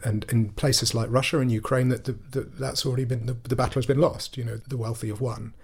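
A man with a gravelly, somewhat husky voice talks as a guest on a political podcast. He explains his points earnestly, pressing hard on each argument. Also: mid-range voice, little pitch movement, brisk.

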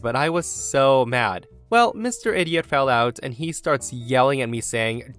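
A man's voice: mid-range voice, animated, normal speed, few pauses, fairly bright tone, faint music behind. Upbeat male podcast narrator. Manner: upbeat, chatty, often addresses listeners as guys. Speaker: podcast host and story narrator. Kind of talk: reading forum stories aloud.

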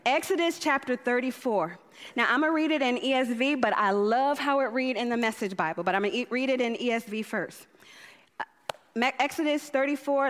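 A woman preacher delivering a fervent sermon, exhorting her listeners and repeating phrases for emphasis. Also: a little high. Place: large church hall. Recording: echoey hall.

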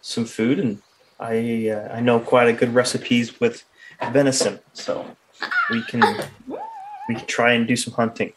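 Hesitant male player speaking in character, mid-pitched voice. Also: little pitch movement, a little slow, a bit bright, a little hiss or hum, poor audio. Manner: hesitant, lots of uhs and restarts. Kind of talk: in-character role-play.

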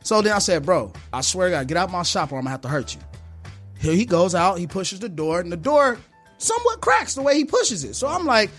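Barber, casual storyteller; quick, high, profane, does the voices. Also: male voice, faint music behind. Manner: animated, acts out voices in his story; slangy, profane street talk.

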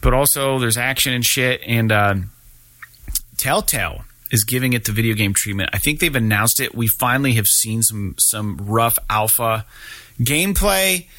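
A man runs a relaxed gaming news podcast, his medium-pitched voice bright and forceful at a moderate pace, with no room sound. He rambles, swears often and leans on filler words.

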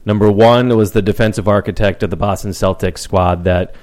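A man with a fairly low voice chatting about sports on a podcast. He talks dryly and wryly, slipping in deadpan puns. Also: brisk. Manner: dry, punning, wry. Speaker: podcast co-host. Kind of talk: casual sports chat.

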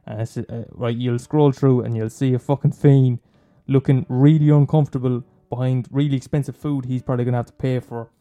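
Dark-voiced swearing young man. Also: mid-range voice, steady tone, brisk, few pauses. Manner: swearing, mocking, rambling. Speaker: comedian. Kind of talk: profane comic rant.

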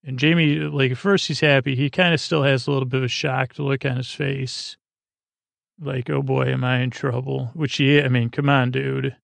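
Gravelly man rambling through a recap. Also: medium pitch, flat delivery, moderate pace, dry recording. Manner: rambling, filler-heavy retelling. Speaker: podcast host. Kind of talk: casual episode recap.

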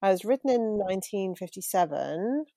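A woman talking about books in a relaxed chat, thoughtful and self-deprecating, laughing easily. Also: mid-range voice, normal speed, no echo. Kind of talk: casual book chat.

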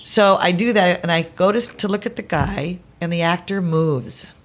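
A woman telling a long anecdote as a podcast guest, acting out the people in it with quick changes of voice. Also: lowish voice. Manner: animated, acts out the voices in her stories. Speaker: guest performer.

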